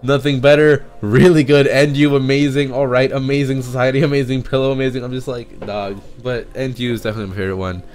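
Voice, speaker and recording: A young man rambling in a casual live stream chat, excitable and swearing, often breaking into laughs and going off on tangents. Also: medium pitch, fast talker, few pauses. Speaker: streamer reacting to a music EP. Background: faint music playing.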